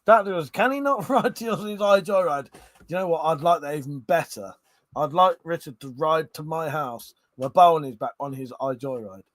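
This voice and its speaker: A man's voice: a little high, normal speed, dry recording. A tipsy man hosting a casual livestream, reading viewer comments aloud, laughing often and swearing freely. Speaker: livestream host.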